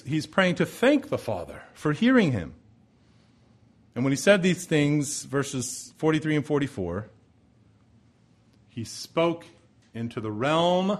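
Guy preaching a sermon, voice swoops up and down a lot, big dramatic emphasis. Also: medium pitch. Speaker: pastor.

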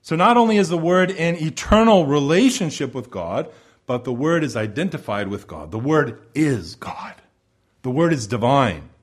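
A man preaching a sermon, building emphatic repeated phrases and dropping to hushed low endings. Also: lively intonation, normal speed, husky. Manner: repetitive rhetorical build-ups.

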